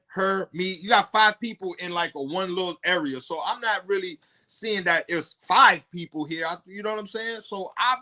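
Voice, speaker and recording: Animated, foul-mouthed man telling a story. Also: high-pitched. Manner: animated, profane, blunt storytelling with rising outbursts. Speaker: podcast guest. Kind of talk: storytelling on a podcast.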